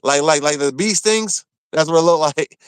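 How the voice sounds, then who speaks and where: Dry-voiced man telling a rough story. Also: fairly high pitch, normal speed, no echo. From Maryland. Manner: animated, profane, acts out quotes. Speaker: former inmate telling his story. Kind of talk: casual storytelling.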